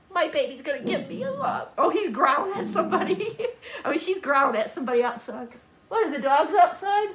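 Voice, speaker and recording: A woman with a very high voice that jumps all over, talking in a casual reading vlog. She is crying, half laughing through tears, and gushes like an easily moved, chatty bookworm. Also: very animated, moderate pace, a bit bright. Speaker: book vlogger.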